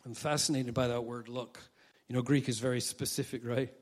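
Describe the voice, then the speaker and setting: A male pastor preaching a sermon, swinging from quiet asides to loud, emphatic quoted prayers. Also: mid-range voice, steady tone, brisk.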